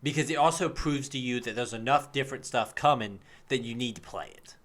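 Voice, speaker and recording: A man's voice: medium pitch, fairly quick, a bit bright. A man co-hosting a casual gaming podcast, talking enthusiastically, swearing freely and sometimes humming tunes. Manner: enthusiastic, swearing, hums tunes and acts out quotes. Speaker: podcast co-host.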